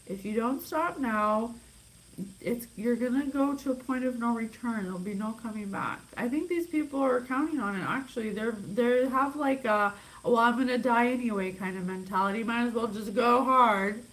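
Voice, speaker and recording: A young woman talks through a psychic reading in an intense, emphatic way. Her voice sits a little high. She sounds worked up as she speaks straight to her listeners. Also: moderate pace, fairly bright tone, poor audio. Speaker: psychic reader. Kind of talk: channeled reading monologue.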